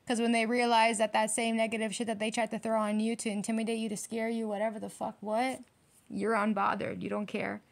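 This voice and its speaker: A woman's voice: on the high side, little pitch movement, fairly quick, gravelly. A young woman doing a casual tarot reading, talking bluntly with heavy swearing and heated emphasis. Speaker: tarot reader.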